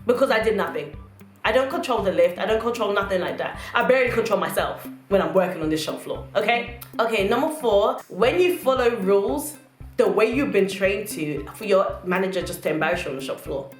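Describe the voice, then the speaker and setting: A woman's voice: mid-range voice, brisk. Sassy young woman in an echoey room. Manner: sassy, animated, acts out customers and managers. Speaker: vlogger. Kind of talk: casual storytelling rant to camera. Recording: echoey room with faint music.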